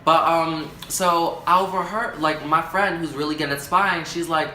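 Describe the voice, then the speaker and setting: A young man tells a story to his camera with lots of drama, acting out the voices of the people in it and swinging his pitch up and down. His voice sits fairly high and sounds bright. The room around him is echoey. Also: fairly even intonation, moderate pace, a little hiss or hum. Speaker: vlogger. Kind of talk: storytime vlog.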